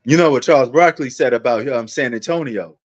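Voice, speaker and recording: A man's voice: mid-range voice, a little fast, muffled recording. A man hosting a sports livestream, rambling in a laid-back, casual way and talking straight to his viewers.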